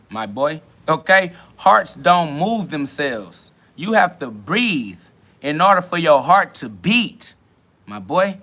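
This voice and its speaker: A man hosting a self-talk podcast, ranting loudly and boastfully in profane slang and mockingly imitating other people's questions. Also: high voice. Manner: loud, boastful, swearing slang rant with bursts of laughter. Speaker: podcast host.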